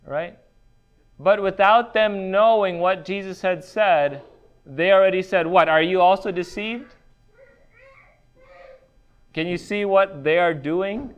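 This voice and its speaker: A man preaching an expository sermon, working slowly through a passage and putting rhetorical questions to his listeners. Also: on the high side, smooth.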